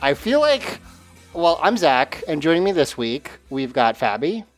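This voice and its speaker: A man hosting a podcast in a slightly high voice, recorded close and dry. He rambles and restarts his sentences as he chats with his co-hosts. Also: very animated, a little slow, dry recording, faint music behind. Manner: rambling, hesitant, full of restarts. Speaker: podcast host. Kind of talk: casual podcast chat.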